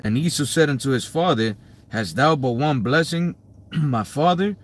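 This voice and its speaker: A man reading old-fashioned Bible verses aloud, slowly and carefully, during a study session. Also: mid-range voice.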